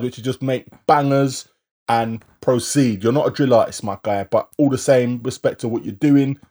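A man co-hosting a live-streamed podcast in casual chat, running through viewer shout-outs. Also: medium pitch. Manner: chatty, reads out viewer shout-outs in a quick list. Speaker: podcast co-host.

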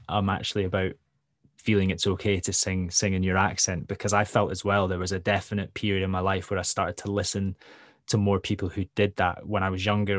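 Soft-spoken Scottish man, low and dry. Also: dry recording. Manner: enthusiastic, halting with repeated words. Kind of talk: casual conversation.

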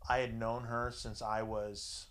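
A man's voice: level tone, a little slow, fairly bright tone, low-quality recording. A man in his forties telling a crude personal story in casual chat, swearing freely. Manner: crude, swears freely, mimics others in higher voices. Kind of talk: casual profane anecdote.

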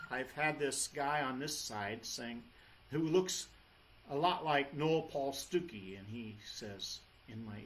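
A man's voice: medium pitch, pushed and bright, slight background noise. A man who is a folk rock singer, chatting loosely between songs at a live show, with frequent restarts. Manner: loose, meandering, many restarts. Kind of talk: rambling stage chat between songs. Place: live venue with an audience. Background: acoustic guitar playing.

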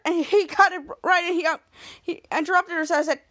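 Rambling high-voiced woman podcast host. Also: steady tone, fairly quick, a bit bright. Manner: rambling retelling with many restarts, acting out lines. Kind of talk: casual episode recap.

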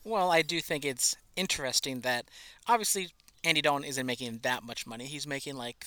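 Bright-voiced man hosting a sports podcast. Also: mid-range voice, smooth, no room sound. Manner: conversational, teasing. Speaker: podcast co-host. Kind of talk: casual sports chat.

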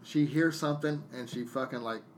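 A man of middle pitch telling a story on a podcast, blunt and full of swearing. He jumps into both sides of remembered arguments as he talks, with a faint hiss under the recording. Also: steady tone, a little fast. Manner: venting, blunt and profane, jumping into quoted dialogue. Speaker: podcast guest, DJ. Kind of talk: casual storytelling chat.

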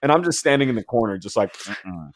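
Animated man telling a story, dry close sound. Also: rapid-fire, no room sound. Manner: animated, acts out quotes with big pitch jumps and laughs; heavy use of "like" and "and whatnot". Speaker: podcast co-host. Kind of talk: casual storytelling chat.

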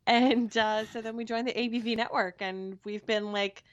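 A woman chatting casually in an interview and telling stories with lively acted-out quotes. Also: on the high side, normal speed, lo-fi sound. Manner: animated storytelling with acted-out quotes and laughs. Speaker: podcast co-host and TV show cast member.

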